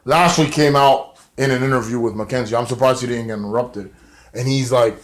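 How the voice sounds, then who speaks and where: A man's voice: mid-range voice, steady tone, brisk. A man recapping a wrestling show in a rambling, casual way, full of fillers and swearing.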